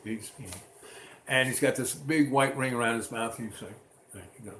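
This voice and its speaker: A man telling a rambling personal story in a casual, animated way, acting out what people said. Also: mid-range voice, moderate pace. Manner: rambling, animated, acts out quotes. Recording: roomy with faint ambient noise.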